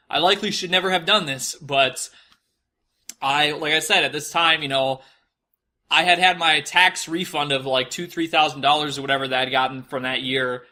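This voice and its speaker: A young man with a very bright, ringing voice that sits a little high tells a personal story. He rambles through a casual monologue, piling on fillers and frequent swearing. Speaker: podcast host telling a personal story.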